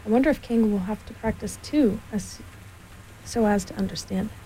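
A woman voicing a humble, slow-thinking male teddy bear who speaks simply. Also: medium pitch, dark tone, slight background noise, lightly acted, low-quality recording. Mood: musing.

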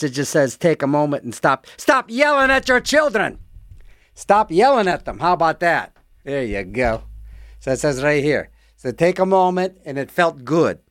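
A man's voice: on the high side, dry recording, clean studio sound. A man hosting a radio music show, rambling and joking between songs, mock-reading announcements. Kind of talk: casual radio patter.

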